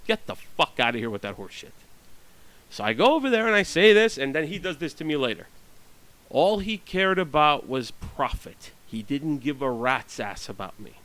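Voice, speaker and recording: A man's voice: on the high side, sing-song, moderate pace, fairly bright tone, poor audio. A man venting about his neighbors in a blunt, profane, ranting monologue. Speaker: vlogger.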